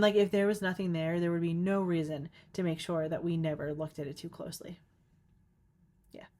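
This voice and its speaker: A woman's voice: lowish voice, darkish tone. A young woman hosting her own podcast, rambling casually with lots of filler words and frequent giggles. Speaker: podcast host. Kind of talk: casual solo podcast monologue.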